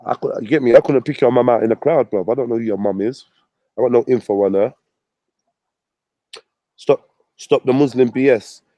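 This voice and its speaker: A man's voice: medium pitch, moderate pace, pauses often, no echo, highs cut off. A man ranting on his channel, mocking and swearing at a rival. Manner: profane, mocking, combative. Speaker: vlogger. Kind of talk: ranting commentary.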